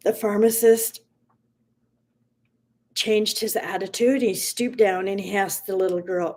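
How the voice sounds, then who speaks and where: Woman gently reading an inspirational story. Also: medium pitch, steady tone. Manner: gentle, slow storytelling, softening to near whispers. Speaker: host of a motivational livestream.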